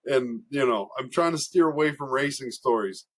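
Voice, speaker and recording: Husky young man telling wild stories. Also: mid-range voice, moderate pace. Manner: animated, laughing storyteller who swears often. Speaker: racing driver guest. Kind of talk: casual storytelling.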